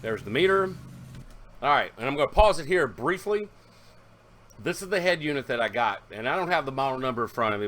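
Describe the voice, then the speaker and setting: A car audio hobbyist narrates a casual vlog, rambling with fillers and self-corrections. His voice is mid-range and a bit bright.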